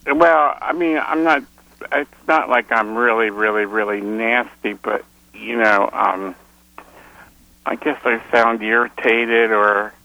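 A man calling an advice show, halting and unsure with many pauses and fillers. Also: on the low side, creaky, bright, forceful tone, no room sound, dull audio. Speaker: caller. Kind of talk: call-in conversation.

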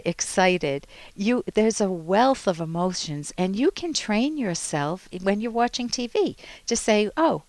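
A woman psychologist hosting an advice call-in radio show, calmly explaining coping skills and acting out short example quotes. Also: lowish voice, no room sound. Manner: calm explanatory coaching, acts out little example quotes.

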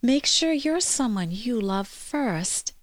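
A woman's voice: on the high side, lively intonation, slow pace, dry recording. A woman clinical psychologist hosting a call-in radio advice show, talking to listeners in an earnest, explanatory way.

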